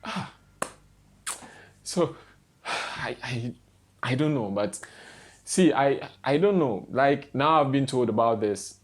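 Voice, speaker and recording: Man, young adult, vlog rant, exasperated, repetitive rhetorical questions, mid-pitched voice. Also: animated, slow, long pauses. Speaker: vlogger. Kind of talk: ranting commentary to camera.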